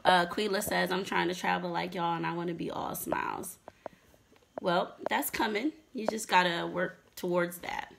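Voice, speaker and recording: A woman's voice: lowish voice, fairly even intonation, moderate pace, creaky, noisy background. A middle-aged woman co-hosting a casual live stream with her husband, chatty and teasing as she greets viewers and reads their comments. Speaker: livestream co-host.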